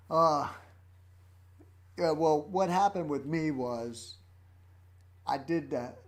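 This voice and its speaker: A man in his fifties hosting a casual livestream, telling rambling stories about his life as a rock drummer. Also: mid-range voice. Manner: rambling, anecdotal storytelling.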